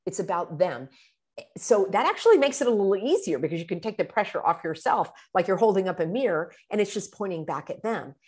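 Earnest woman giving self-help advice. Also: medium pitch. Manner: earnest, animated, drops to hushed tone for quoted prayers and phrases. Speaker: YouTube advice host. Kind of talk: motivational self-help talk.

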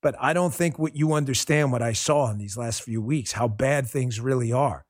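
A man at a mid pitch hosts his own show and talks straight into the microphone with raw, blunt passion, swearing without a second thought. The sound is dry and close, with no room around it. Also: normal speed, dry recording. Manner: impassioned, blunt, swears freely. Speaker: show host. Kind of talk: monologue on a talk show.

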